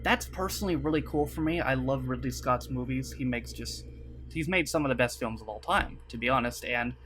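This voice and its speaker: Sitting at his computer desk, a young YouTuber makes a laid-back vlog, talking to camera in a rambling way full of fillers and apologies. His voice is medium-pitched, a little fast and a bit bright, and the desk mic at his webcam setup picks up slight background noise.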